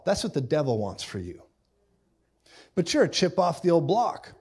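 Preacher, man, middle-aged, lively sermon delivery, slightly high-pitched. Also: moderate pace, slightly rough. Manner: animated storytelling, acts out voices with loud sound effects.

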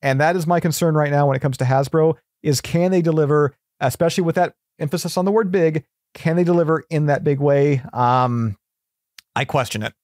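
A man guests on a casual podcast, joking and halting, with plenty of fillers. His voice sits a little high, and the recording is dry with no room echo. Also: fairly even intonation, a little mellow.

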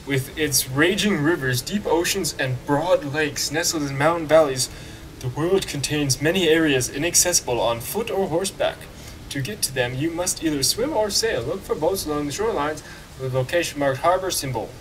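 A man reading in-game tutorial text in a put-on British accent, slow and formal. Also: fairly high pitch, a bit bright, recorded from a distance, a little hiss or hum, natural voice, poor audio. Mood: mock formal. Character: mock British tutorial narrator, male.

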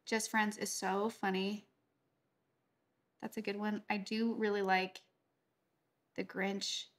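Speaking slowly in a medium-pitched, flat voice, a watercolor instructor chats casually as she paints through a tutorial in her home studio. She's talkative and easily sidetracked by the work.

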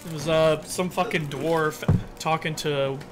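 A man's voice: fairly high pitch, fairly even intonation, measured pace. A man co-hosting a game stream in casual chat, ranting and swearing heavily. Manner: profane, ranting, heavy swearing. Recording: loud game music under the voice.

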